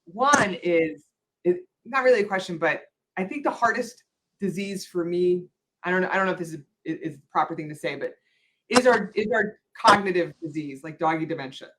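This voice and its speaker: A woman's voice: fairly low pitch, fairly quick, fairly bright tone, low-quality recording. A woman veterinarian hosting an interview, talking casually and rambling, correcting herself often with lots of fillers. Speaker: veterinarian host.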